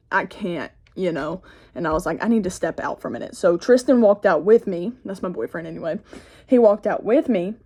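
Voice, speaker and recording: A woman's voice: medium pitch, a little mellow. Chatty teenage girl telling a story. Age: teens. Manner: chatty, rambling storytelling with frequent "like" and "y'all". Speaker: vlogger. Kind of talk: get-ready-with-me storytime. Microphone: phone camera.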